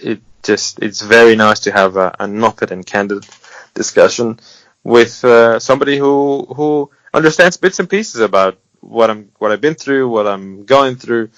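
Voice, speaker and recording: A man's voice: medium pitch, normal speed, fairly bright tone, no echo. Earnest man giving advice on a podcast. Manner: earnest and encouraging, with wry humor and restarts. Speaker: interview guest. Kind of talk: candid interview talk, giving advice. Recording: dull lo-fi sound, dry.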